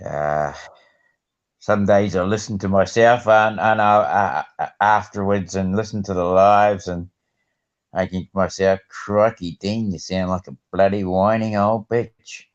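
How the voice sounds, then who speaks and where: Low-voiced man with muffled sound. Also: steady tone, a little slow. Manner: swears freely, uses slang like "bloody" and "crikey". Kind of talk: casual chat. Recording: muffled livestream audio.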